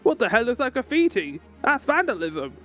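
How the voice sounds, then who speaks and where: Chatty game streamer with a lively voice. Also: medium pitch, moderate pace, soft background music. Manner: chatty, sometimes swears, reacts to cutscenes. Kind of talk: casual gameplay commentary.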